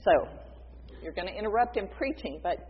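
A woman preaching a sermon, retelling a scripture story in a lively, conversational way and acting out the dialogue. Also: mid-range voice, fairly quick, a little hiss or hum. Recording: dull echoey hall sound.

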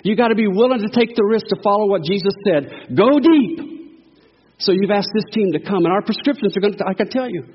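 A man's voice: high voice, fast, hardly any pauses, breathy edge. A man preaching a sermon to a church in a folksy, call-and-response style. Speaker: guest preacher. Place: church sanctuary. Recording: echoey hall, dull lo-fi sound.

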